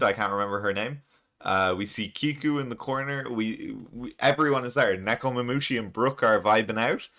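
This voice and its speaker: A man's voice: mid-range voice, sharp tone. A man casually recapping a comic chapter, rambling with lots of fillers and frequent chuckles. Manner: chuckles often, loose and rambling with many fillers. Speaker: manga reaction channel host.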